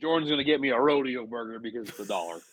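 A man's voice: medium pitch, rapid-fire, poor audio. A man in his late twenties, a podcast guest, chatting casually and joking as he tells stories. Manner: joking, animated storyteller.

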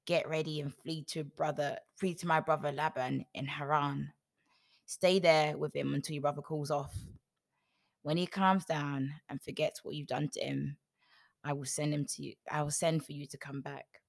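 A woman voicing a worried, scheming mother who gives urgent advice in a hushed voice. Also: low-pitched, flat delivery, moderate pace, vocal fry, no room sound.

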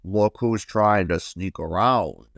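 A man voicing a boastful, bossy big paintbrush in a storybook, sneering and loud. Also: on the low side, slow pace, vocal fry, no echo, clean studio sound, exaggerated voice.

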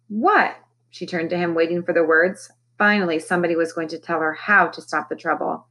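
Teacher lady reading a kids novel out loud, kinda low voice, does the characters with feeling. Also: moderate pace. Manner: expressive, lifting her voice for the characters' lines. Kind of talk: reading a children's novel aloud.

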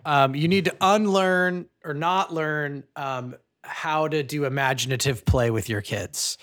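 Chatty man, a touch higher voice. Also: measured pace. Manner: animated, rambling, self-deprecating. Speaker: podcast co-host. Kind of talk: casual chat.

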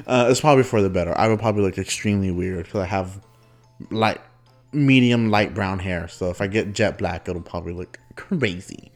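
A man's voice: low-pitched, moderate pace, faint music behind. A young adult man hosting a podcast, telling a childhood story casually, laughing often and acting out quotes. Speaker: podcast host.

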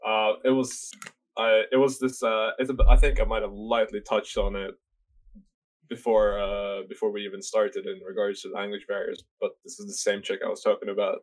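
A young man from Norway talks loosely and at length, his voice sitting on the lower side. He rambles with plenty of fillers and swear words, in an easy chat between friends. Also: level tone, normal speed, low-quality recording. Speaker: podcast guest telling a story. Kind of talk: casual chat.

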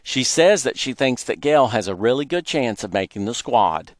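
A man voicing a brisk, sensible farm mother who speaks in a matter-of-fact, firm way. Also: medium pitch, animated, no room sound, clean studio sound, natural voice.

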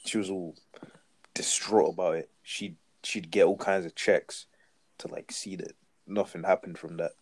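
A man's voice: low-pitched, steady tone, normal speed, no echo. A young man co-hosting a casual podcast, laid-back and slangy with lots of "like". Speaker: podcast co-host. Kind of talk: casual chat.

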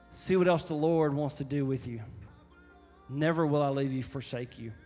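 A man with a slightly high, husky voice preaches a sermon to his congregation. He repeats key lines and swings up into loud, high-pitched exhortation. The hall carries a long reverb, with faint music underneath. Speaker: pastor.

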